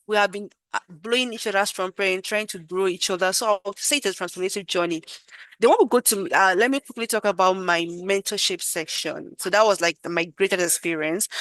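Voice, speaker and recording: A woman's voice: medium pitch, no room sound. Woman, gushing thank-you speech, dry close sound, video call. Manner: warm, effusive, gushing with gratitude. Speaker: program participant.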